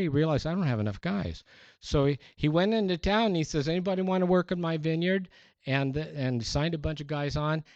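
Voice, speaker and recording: A male pastor preaching a sermon in an animated, conversational way with playful exaggeration. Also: fairly high pitch, creaky, no echo. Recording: dull, dry sound.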